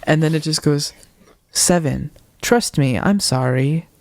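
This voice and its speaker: Young man, podcast co-host; slightly higher voice, dry close recording; casual, animated storytelling. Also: a little slow, dry recording. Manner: retelling a ghost video with quoted voices, animated.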